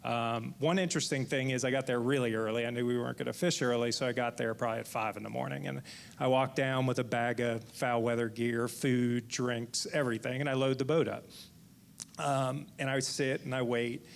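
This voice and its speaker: A man in his forties, a fishing guide on a panel, telling a lively anecdote full of restarts. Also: medium pitch, brisk, creaky. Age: 40s. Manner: rambling, lively retelling with frequent restarts. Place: indoor event venue.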